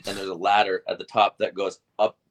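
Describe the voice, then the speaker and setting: A man's voice: low-pitched, a little fast. A man in his thirties telling wild stories in casual chat, swearing freely and acting out what people said. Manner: swearing, animated retelling with acted-out quotes. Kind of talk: casual storytelling.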